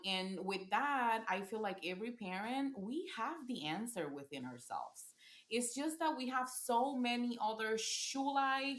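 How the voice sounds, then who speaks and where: A woman's voice: medium pitch, fairly bright tone. A woman parent coach in a casual podcast conversation, earnest, often repeating and restarting her phrases. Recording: roomy echo.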